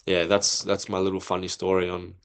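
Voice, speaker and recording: Low-voiced man telling a lively story. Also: a little fast, clean tone. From not from Europe. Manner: animated, acts out quoted dialogue. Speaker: podcast guest, former footballer. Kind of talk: casual storytelling.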